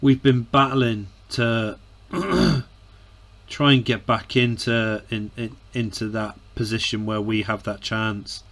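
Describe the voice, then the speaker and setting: A man giving emotional casual commentary on his football management game, sighing, groaning and breaking into shouts, often repeating words. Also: lowish voice, slow pace, creaky. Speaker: gaming commentator. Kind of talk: casual let's-play commentary.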